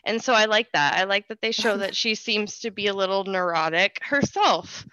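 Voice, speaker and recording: A woman co-hosting a casual chat about a film from home, talking in quick restarts and laughing. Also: medium pitch, clean tone, no echo, muffled recording. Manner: animated, restarts often, laughs. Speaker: podcast co-host.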